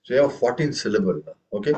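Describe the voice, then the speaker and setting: A man's voice: medium pitch, big pitch swings, quick pace, a little mellow, muffled recording. Patient man teaching tabla syllables. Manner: patient, repeats "okay" and "right?", chants syllables aloud. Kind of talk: classroom music lesson. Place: room with students.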